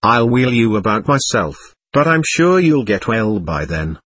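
A man reading the part of a gentle, earnest young man who speaks calmly and sincerely. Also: lowish voice, a little slow, breathy edge, dry recording, full character voice. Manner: calm, sincere.

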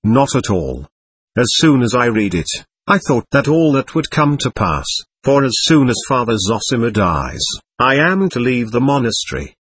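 Sincere young man in a storybook reading, voiced by a man, calm and husky. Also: mid-range voice, normal speed, no echo. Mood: earnest. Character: gentle, earnest young man.

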